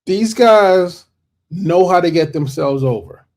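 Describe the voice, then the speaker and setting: A man's voice: sits high, lively intonation, slow, a little mellow. A man co-hosting a wrestling podcast, talking casually in rambling runs with repeated restarts. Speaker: podcast co-host. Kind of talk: casual wrestling debate chat.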